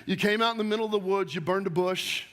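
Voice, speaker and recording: A man voicing Moses as an exasperated, reluctant prophet, protesting in rapid, tumbling complaints. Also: high-pitched, steady tone, fairly bright tone, voice pushed down. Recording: long hall reverb.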